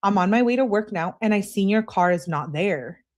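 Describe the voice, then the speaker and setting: A woman reads text messages aloud for a live stream, voicing both sides. She is animated and breaks off now and then for a wry aside of her own. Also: medium pitch, normal speed.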